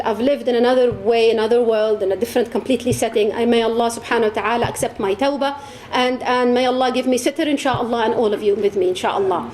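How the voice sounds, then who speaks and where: A woman's voice: a little high, a little mellow, slight background noise. A woman giving an impassioned religious talk to an audience, repeating words for emphasis. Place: lecture hall.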